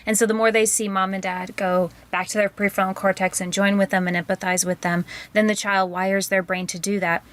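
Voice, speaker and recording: A woman's voice: mid-range voice, level tone, a bit bright. Earnest woman co-hosting a parenting podcast. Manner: earnest, slows down to stress points. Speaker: podcast co-host, counselor. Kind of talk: casual chat.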